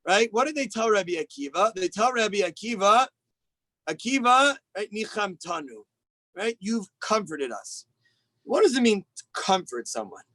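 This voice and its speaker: A man, a rabbi, giving an animated sermon over a video call, telling stories and acting out the people in them. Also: moderate pace, no room sound, rough recording. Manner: animated storytelling, acts out quoted rabbis with big pitch jumps. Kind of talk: Tisha B'Av sermon.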